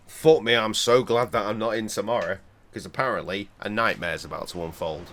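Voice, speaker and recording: A man's voice: on the low side, brisk, hardly any pauses, a bit bright. A man casually commenting while streaming a game, sardonic and sweary.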